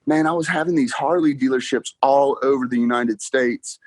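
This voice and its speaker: Here the young car salesman speaks at a moderate pace in a mid-range voice, with no echo. As a podcast guest in a relaxed interview, he tells animated stories, acts out dialogue, and laughs a lot.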